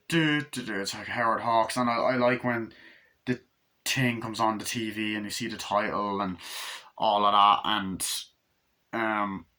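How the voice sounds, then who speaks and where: Male movie reviewer, rambling and excited, acts out scenes, crisp bright voice. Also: fairly low pitch.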